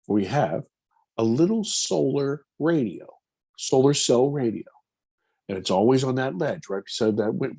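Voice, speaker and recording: A man, a film producer, telling a personal story in an interview, animated and acting out his own quotes. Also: medium pitch, breathy edge.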